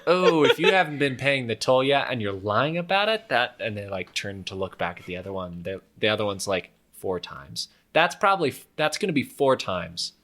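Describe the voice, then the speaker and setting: A man's voice: mid-range voice, big pitch swings, moderate pace, few pauses, a bit bright. A man doing a slick, falsely friendly road bandit. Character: smooth-talking male roadside bandit demanding a toll.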